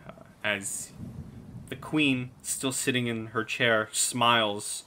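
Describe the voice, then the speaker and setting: A man's voice: medium pitch, steady tone, slow, sharp tone. A man narrating a tabletop game as game master, describing scenes in detail.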